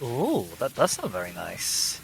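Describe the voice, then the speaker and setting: A man's voice: mid-range voice, wildly swooping pitch, a little slow, vocal fry, a little hiss or hum, low-quality recording. A man chatting with a friend while playing a game together, in a wry and playful way. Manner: wry, playful, lightly sarcastic. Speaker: co-player. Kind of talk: casual gaming chat over voice call.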